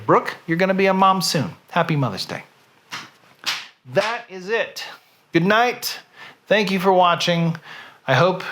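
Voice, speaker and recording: A middle-aged man with a Southern US accent, hosting from home, reading a poem slowly with drawn-out line endings and then chatting casually. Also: fairly high pitch, a bit bright. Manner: slow, drawn-out recital with falling line ends. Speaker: host. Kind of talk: dramatic poetry reading, then casual chat.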